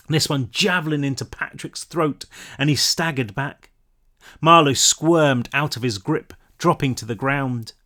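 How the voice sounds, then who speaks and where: Man reading his own novel aloud. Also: on the high side. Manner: measured narration with relaxed asides to listeners. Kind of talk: audiobook-style read-through.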